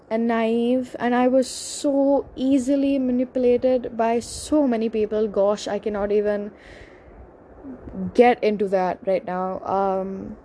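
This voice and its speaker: A young woman telling a personal story in a halting, emotional confessional monologue, full of pauses and restarts. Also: fairly high pitch, mellow, a little hiss or hum, poor audio. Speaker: speaker sharing a personal story.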